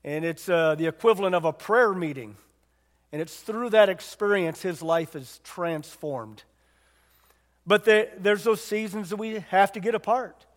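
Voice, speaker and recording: A man with a high, light voice preaches a sermon. He talks conversationally and often turns to his listeners with questions. His voice rings with the long reverb of a large hall. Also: measured pace. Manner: conversational, asks the congregation questions.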